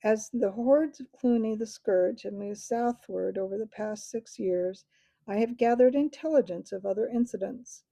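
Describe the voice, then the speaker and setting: A doddering, fussy old mouse voiced by a woman who squeaks barely above a whisper. The voice is dark and gravelly, with a husky edge. It sounds close and dry. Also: moderate pace, no echo. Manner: squeaky, near-whispering, absent-minded. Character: ancient fussy male mouse recordkeeper.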